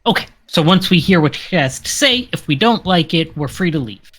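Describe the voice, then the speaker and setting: A woman playing a tabletop game, matter-of-fact and a bit halting. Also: on the low side, expressive. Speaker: player.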